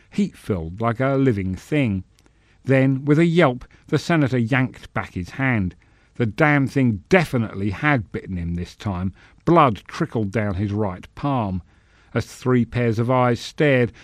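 A man reading a fantasy story aloud in measured, expressive narration. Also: lowish voice, dry recording, studio quality. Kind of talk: scripted narration.

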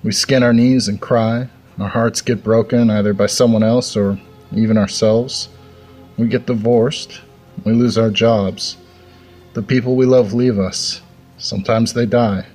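A man's voice: fairly low pitch, fairly even intonation, a little slow, a little mellow, faint music behind. A man hosting a fiction podcast, speaking in a reflective way after a story. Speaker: podcast host. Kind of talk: reflective outro commentary.

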